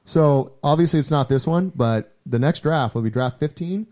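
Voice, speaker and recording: A man co-hosting a beer podcast, trading teasing banter and laughing easily. His voice has a mellow, relaxed tone. He talks casually, at an everyday pace. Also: on the high side, moderate pace. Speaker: podcast co-host. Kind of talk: casual chat.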